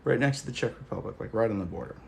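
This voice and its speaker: A man's voice: on the low side, expressive, racing, creaky, slight background noise. A man hosting a casual livestream, chatting loosely with viewers and joking as he rambles through stories. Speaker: livestream host.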